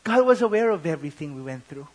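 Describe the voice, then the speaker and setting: A young Filipino man preaching a sermon, mixing English and Tagalog and swinging between loud outbursts and hushed, intimate tones. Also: on the high side, sing-song, fast talker. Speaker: pastor.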